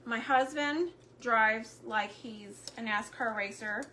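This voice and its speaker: A middle-aged woman chatting casually on a homemaking livestream, searching for words between fillers, her throat a bit hoarse. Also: fairly high pitch, slow, slight background noise. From Texas. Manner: chatty, warm Southern drawl with frequent fillers and word searches.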